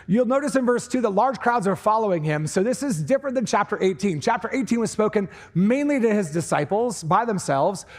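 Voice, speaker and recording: A pastor preaching a conversational sermon in a church, with lively asides to the congregation. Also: male voice, sits high. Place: church sanctuary.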